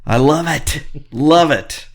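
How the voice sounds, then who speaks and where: A man's voice: a little high, slow, vocal fry. A man co-hosting a podcast, telling a rambling, enthusiastic story in casual chat. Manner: enthusiastic, rambling storyteller who acts out quotes. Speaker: podcast co-host.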